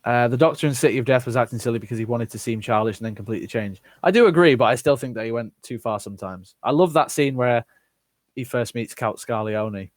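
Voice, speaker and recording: A man with a medium-pitched voice runs a live stream, reading comments from viewers aloud and firing back blunt, swear-heavy answers in a casual way. There's no room sound.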